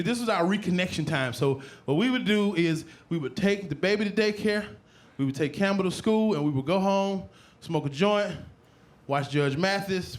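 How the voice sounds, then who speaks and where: A man doing a stand-up comedy set, telling loose, profane stories and jumping into loud shouted voices. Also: high-pitched. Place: comedy club stage before a laughing crowd. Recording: live show with loud crowd laughter and noise.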